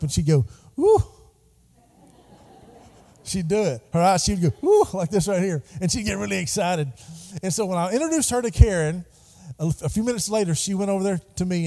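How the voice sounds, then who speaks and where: Middle-aged preacher, high mellow voice, call-and-response sermon, reverberant sanctuary. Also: male voice. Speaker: pastor. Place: church sanctuary. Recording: long hall reverb.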